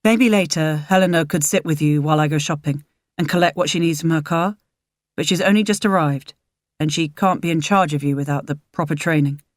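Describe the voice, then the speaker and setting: A woman's voice: low-pitched, brisk, no room sound, clean studio sound, lightly acted. A woman voicing a guarded young man who speaks in a firm, clipped way.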